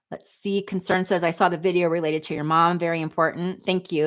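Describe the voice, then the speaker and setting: A lowish-voiced woman in her forties, chatting on a livestream. She reads viewer comments and answers them with candid, snarky asides. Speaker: livestream host reading chat. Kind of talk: casual livestream chat.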